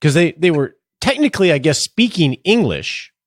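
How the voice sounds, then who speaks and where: A man in his fifties hosts a podcast in a casual, joking manner. His voice sits a little high for a man and moves all over as he talks. The recording is dry and close. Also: sing-song, moderate pace, no echo. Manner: jokey, conversational. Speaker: podcast host and financial planner. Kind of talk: casual podcast chat and explainer.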